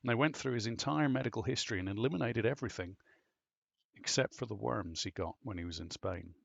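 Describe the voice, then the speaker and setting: A man's voice: fairly low pitch, quick pace, vocal fry, no echo. A man hosting a podcast, telling a long story in a casual, rambling way and swearing freely. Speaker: podcast host. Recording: dull lo-fi voice recording.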